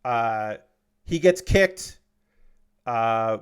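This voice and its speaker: A man's voice: medium pitch, lively intonation, extremely slow, smooth. A man casually recapping an anime episode on a livestream, loose and profane, with lots of fillers and restarts. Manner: gets heated and indignant when he talks about unfair characters.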